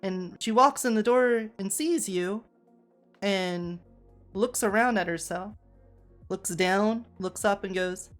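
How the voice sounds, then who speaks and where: A woman game master narrating a tabletop game, calmly painting the scene in detail. She speaks slowly at a middle pitch. Faint music sits under her voice. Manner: descriptive, unhurried narration.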